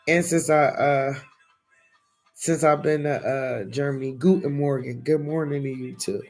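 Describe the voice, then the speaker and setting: Philly guy with a gravelly voice doing a chatty tarot livestream, reads cards out and talks to the chat. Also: a little high, steady tone, a little slow, faint music behind. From Philadelphia. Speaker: tarot reader. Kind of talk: casual live-stream tarot reading.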